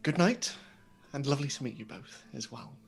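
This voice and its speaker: A man's voice: medium pitch, lively intonation, moderate pace, vocal fry, faint music behind. A man voicing a kindly, polite female hospital matron in a tabletop role-play. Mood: gentle. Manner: gentle, polite, chatty.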